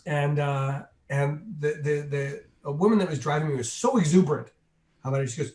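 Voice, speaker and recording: A man with a slightly high voice tells a long anecdote with animated energy. He slips into the voices of the people in his story as he goes. His voice rings with a roomy echo. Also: fairly quick. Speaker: interview guest.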